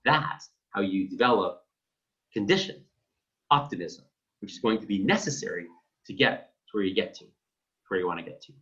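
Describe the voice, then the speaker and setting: Male real estate coach, emphatic and lively, dull lo-fi audio. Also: fairly low pitch, normal speed, long pauses. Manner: emphatic and blunt, acts out phone calls. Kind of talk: coaching talk to realtors. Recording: dull lo-fi sound.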